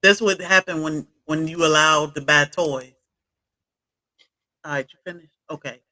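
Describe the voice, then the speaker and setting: A woman's voice: deep voice, measured pace, sharp tone, poor audio. A woman chatting casually on a homestead livestream, greeting viewers from the chat by name as she talks.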